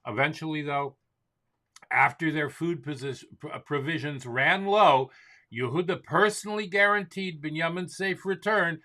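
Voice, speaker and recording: A man hosting a show, reading a summary in a steady, clear manner. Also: a little high, normal speed. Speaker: host.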